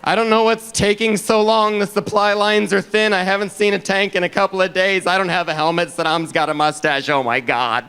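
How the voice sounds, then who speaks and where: A comedian puts on a rattled war correspondent who talks higher and louder than his own voice. The reporter sounds nervous and fretful throughout. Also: flat delivery, fairly quick, hardly any pauses, clean tone. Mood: panicked. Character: panicky male war field reporter.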